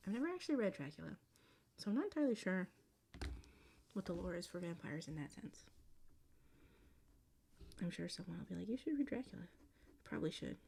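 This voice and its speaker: A chatty young woman rambles casually, her voice low-key and mellow with a gravelly fry running through it. She laughs often, leans on filler words, and now and then drops into a hushed whisper. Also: slight background noise. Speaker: vlogger. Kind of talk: casual chat while drawing.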